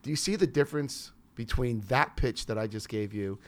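A man's voice: medium pitch, brisk. New York businessman telling stories. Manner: animated anecdotes with quoted voices. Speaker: business consultant and investor. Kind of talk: storytelling interview answers.

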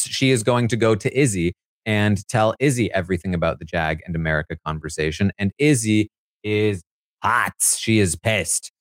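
A man's voice: mid-range voice, no room sound, studio quality. A man giving a casual, sarcastic recap of a reality show as a podcast correspondent. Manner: animated, sarcastic storytelling.

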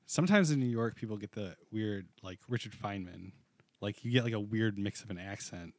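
A man's voice: on the low side, fairly quick, no room sound. A man in a casual chat, musing aloud in a rambling way with many fillers.

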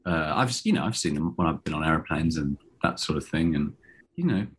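A man's voice: rumbling low, lively intonation, fairly quick, slightly rough. A middle-aged man, an actor chatting as a guest, self-deprecating and full of restarts. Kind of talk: casual interview chat.

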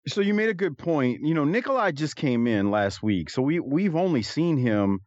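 A man's voice: a little high, big pitch swings, normal speed, darkish tone, no room sound. A man hosting a casual chat about old wrestling, rambling and correcting himself as he goes. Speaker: podcast co-host. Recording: slightly dull dry mic.

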